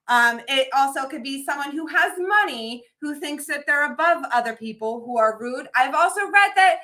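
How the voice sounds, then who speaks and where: A middle-aged woman co-hosting a podcast, telling a story in casual chat and acting out the quotes with big jumps in pitch. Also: animated, normal speed, pushed and bright. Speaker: podcast co-host.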